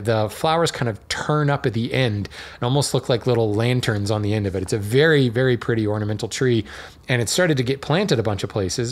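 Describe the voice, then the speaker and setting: A man hosting a podcast, explaining a topic in a chatty, digressive monologue with fillers and small laughs. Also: medium pitch. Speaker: podcast host.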